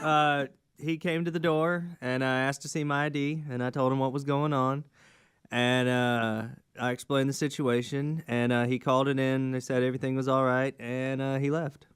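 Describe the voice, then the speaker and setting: A man answers the hosts' questions on air, plain and a little hesitant. His voice is very smooth and clear. The sound is dry and close. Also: medium pitch, flat delivery, moderate pace, no room sound. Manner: hesitant, plain, many uh fillers. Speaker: studio staff member, guest on air. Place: radio studio.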